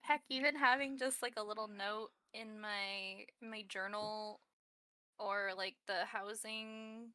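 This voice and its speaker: A woman chatting casually on a stream, earnest and warm in manner. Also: medium pitch, fairly even intonation, takes it slowly, no room sound. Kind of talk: casual live-stream chat.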